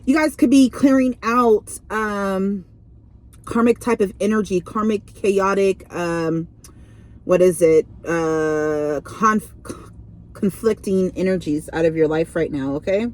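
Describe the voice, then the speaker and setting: A woman's voice: medium pitch, slow, darkish tone. Rambling, chatty young woman tarot reader. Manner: chatty, rambling, many fillers like "like" and "um". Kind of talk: casual tarot reading vlog.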